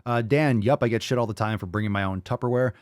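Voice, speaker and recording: A man's voice: on the low side, quick pace, no room sound, studio quality. A middle-aged man hosting a fitness show, reading viewer comments in a blunt, profane, mocking way. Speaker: fitness podcast host. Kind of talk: livestream chat reading comments.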